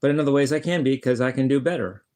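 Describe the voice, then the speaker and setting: The vlogger, a guitarist, speaks fast in a darkish, mid-range voice during a casual monologue to camera. Blunt and swearing, he stammers out repeats and keeps restarting his thoughts.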